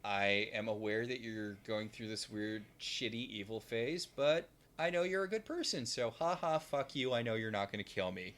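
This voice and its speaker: A man voicing a calm, loving middle-aged father who talks earnestly to his son, in a podcast retelling. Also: fairly low pitch, moderate pace, few pauses. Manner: soft, earnest, reassuring.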